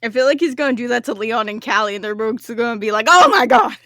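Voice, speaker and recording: A woman's voice: fairly high pitch, quick pace, no echo, studio quality. A woman chatting casually with fellow tabletop players and chiming in. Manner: laughing, chiming in. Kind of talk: casual chat among game players.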